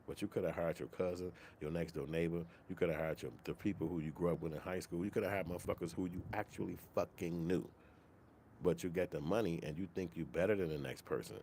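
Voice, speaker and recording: Deep-voiced man ranting casually. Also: fast, a little hiss or hum. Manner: profane, animated, slips into mock quoted voices. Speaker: commentary channel host. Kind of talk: casual opinion rant.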